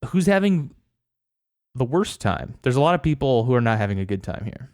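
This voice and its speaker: A male podcast host talks in loose, casual chat with a dry, sarcastic-sounding tone. His voice sits at an ordinary middle pitch. The recording is close and dead, with no room sound. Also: very animated, brisk, darkish tone, no echo.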